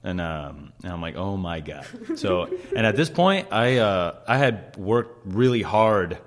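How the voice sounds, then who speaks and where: A man's voice: lowish voice, big pitch swings, a little slow. A man hosting a podcast, telling kitchen stories in casual chat, swearing freely and laughing as he talks. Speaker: podcast host.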